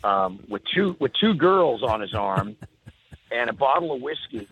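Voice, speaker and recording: A man's voice: medium pitch, unhurried, slightly rough. A middle-aged man, a songwriter guest, telling stories in an interview with many repeats and restarts. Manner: animated storyteller, repeats words and restarts often. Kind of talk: storytelling in a podcast interview. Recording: tinny phone-like line.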